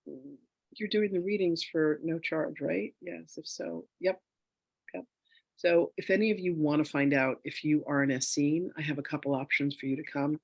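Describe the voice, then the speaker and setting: A man leading a spiritual reading in a relaxed, chatty way with a bit of self-joking. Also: fairly high pitch, moderate pace, gravelly, no room sound. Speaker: spiritual teacher doing a reading. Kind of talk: casual spiritual session.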